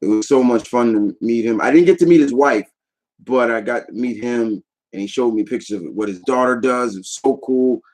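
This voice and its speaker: A man recaps things for his vlog audience in an easygoing, rambling way. His voice sits in an ordinary middle pitch. He sounds eager and often lets a thought trail off before moving on. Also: moderate pace, darkish tone, rough recording. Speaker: YouTube vlogger. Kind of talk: casual chat recap.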